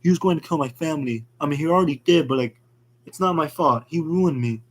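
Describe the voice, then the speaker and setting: A man's voice: on the high side, quick pace, pitched above the performer's own voice, close to an everyday voice. A man voicing a guilty young man who pleads and makes excuses. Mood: pleading.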